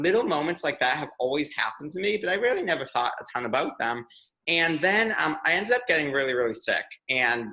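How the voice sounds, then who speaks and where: A young man in casual conversation, telling personal stories with a bright, forceful ring to his voice. He speeds up and lifts his voice when a moment excites him. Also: mid-range voice, poor audio. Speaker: podcast guest, PR consultant. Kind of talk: candid conversational storytelling.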